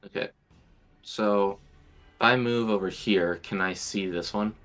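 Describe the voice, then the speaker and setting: A man's voice: lowish voice, measured pace, a bit bright, soft background music. A man playing a tabletop game who describes his spells vividly and chats casually with the table. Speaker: player.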